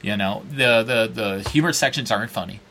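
Bright-voiced blunt blogger man. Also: brisk. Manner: blunt, profane, mimics others in a high mocking voice. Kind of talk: animated casual talk.

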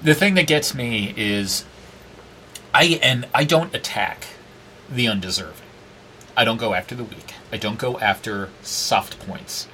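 A man in his forties, an interview guest, telling personal stories in a candid, profane, animated way and acting out what others said. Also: medium pitch, measured pace, slight background noise. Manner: profane, animated, acts out quoted dialogue. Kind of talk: candid storytelling conversation.

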